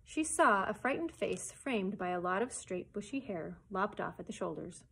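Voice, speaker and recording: A woman librarian reads a children's chapter book aloud at story time. Her voice is mid-pitched and her storytelling steady and expressive, as she carries the narration between the characters' lines. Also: moderate pace, vocal fry, hardly any pauses, husky, rough recording.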